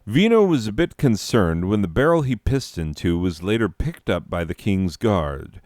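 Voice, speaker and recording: A man narrating a comic story in a deadpan, profane, self-mocking way, breaking off into rants. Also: fairly low pitch, moderate pace, no room sound, studio quality. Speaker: comedic narrator.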